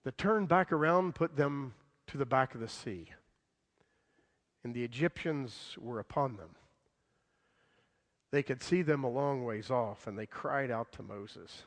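A man preaching a sermon, dramatic, swinging from loud outbursts to hushed lines and acting out the voices in the story. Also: medium pitch, unhurried, pauses often, in a large hall. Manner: acts out quoted voices in the story.

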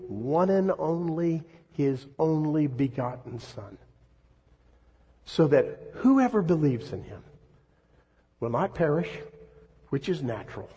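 Husky male preacher in a reverberant hall. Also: medium pitch. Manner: dramatic swings between loud emphasis and hushed lines. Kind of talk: sermon. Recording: long reverb of a large hall.

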